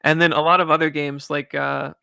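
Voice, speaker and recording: A man hosting a podcast, telling animated stories and laughing often. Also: a little high, fairly quick, creaky, smooth, no echo, clean studio sound. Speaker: podcast host. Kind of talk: casual chat.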